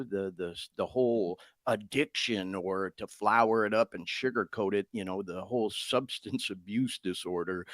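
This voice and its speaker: A middle-aged man talks to his podcast audience in a loose, unscripted way, swearing freely and speaking plainly. His pitch rises and falls a lot as he talks. The sound is dry and close, with no room echo. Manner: candid and profane, talks straight to listeners. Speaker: podcast host. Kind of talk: casual podcast monologue.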